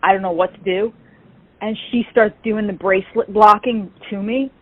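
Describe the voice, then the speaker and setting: A woman, telling an animated story as an interview guest and acting out the quoted dialogue. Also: medium pitch, normal speed, no room sound. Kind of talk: casual storytelling. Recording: tinny phone-like call audio.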